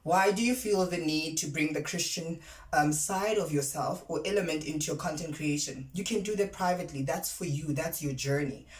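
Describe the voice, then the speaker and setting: Speaking at a normal pace with a mid-range pitch, this South African vlogger delivers casual commentary full of sass and rhetorical questions for viewers. A roomy echo colors the sound.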